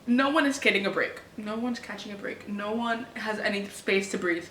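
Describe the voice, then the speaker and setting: A woman's voice: mid-range voice, steady tone, normal speed. Young woman, book vlogger at home, overwrought reactions; echoey room, faint background noise. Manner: emotional, exclaiming, swings from hushed to loud. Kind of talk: reading vlog chatter.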